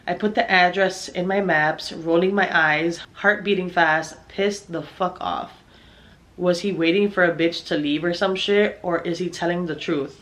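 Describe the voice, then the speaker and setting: A young woman with a somewhat low voice tells a personal story aloud. She swears freely and sounds exasperated, slipping into the voices of the people in it as she goes. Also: fairly bright tone. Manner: profane, exasperated, acts out dialogue. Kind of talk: storytime narration.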